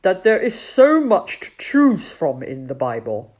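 Lady putting on a pompous clever owl guy, a bit lower, slow and preachy. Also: sing-song, darkish tone. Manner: measured, lecturing. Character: pompous clever male owl, self-important.

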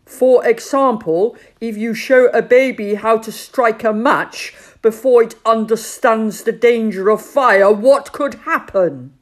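A woman voicing a bold male bird captain in a storybook, bossy and excitable. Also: fairly high pitch, slow pace, hardly any pauses, pitched above the performer's own voice. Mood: blustering.

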